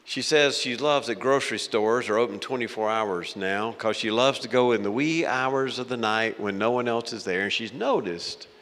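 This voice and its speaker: A male pastor preaching a sermon, dramatic and shifting between loud bursts and hushed lines. His middle-pitched voice rings out with the long reverb of a church sanctuary. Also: moderate pace, hardly any pauses.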